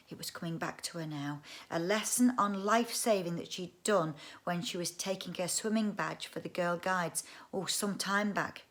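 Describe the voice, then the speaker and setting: Woman reading a kids' book aloud, expressive, throws in chatty asides. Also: medium pitch. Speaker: audiobook reader. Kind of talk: storybook read-aloud narration.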